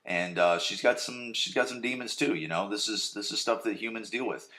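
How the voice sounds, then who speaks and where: A man's voice: fairly low pitch, a little fast, bright, forceful tone. A man hosting a podcast, casually recapping a TV episode in a rambling, crude way and often checking in with "right?". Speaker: podcast host.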